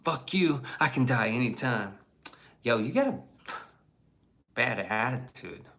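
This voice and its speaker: A man's voice: medium pitch, a little slow, sharp tone. A man hosting a casual livestream and reading the chat aloud, in a blunt, profane and rambling way.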